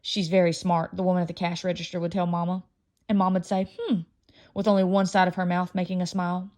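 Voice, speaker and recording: A woman's voice: fairly low pitch, fast talker. Woman reading a children's novel. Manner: lively first-person storytelling. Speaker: audiobook reader.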